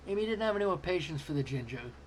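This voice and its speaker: A man's voice: a little high, animated, racing, a little hiss or hum. A man reading fanfiction aloud, amused and stumbling over words now and then. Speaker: fanfiction reader.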